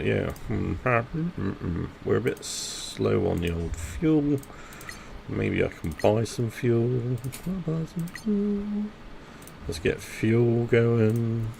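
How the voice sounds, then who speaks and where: A man's voice: deep voice, vocal fry, a little mellow, a little hiss or hum. A man, chatting casually with teammates while live streaming a strategy game and thinking aloud. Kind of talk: casual gaming commentary talking to teammates.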